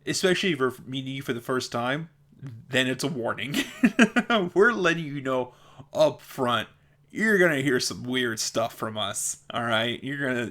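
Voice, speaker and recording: A man's voice: medium pitch, fairly bright tone. A young adult man with a mild speech impediment, vlogging in a blunt, exasperated way and laughing between points. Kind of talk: casual opinion vlog.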